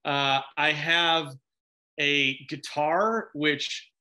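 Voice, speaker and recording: A middle-aged man from Chicago, an actor chatting in an interview, animated and quick to laugh, with lots of restarts. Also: a little high. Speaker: actor guest. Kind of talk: casual interview chat.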